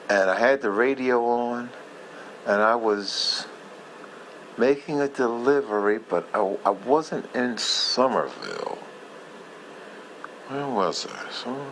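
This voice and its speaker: A man casually reminiscing in a heartfelt, rambling way, often halting and losing his thread. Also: medium pitch, sing-song, a bit bright, a little hiss or hum, poor audio. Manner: heartfelt, moved by the memory. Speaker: vlogger sharing memories.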